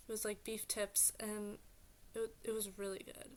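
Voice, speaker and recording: At a moderate pace and medium pitch, a woman vlogger rambles through a story full of fillers, many "like"s, and exasperated asides, venting with animation. A little hiss or hum sits under the recording.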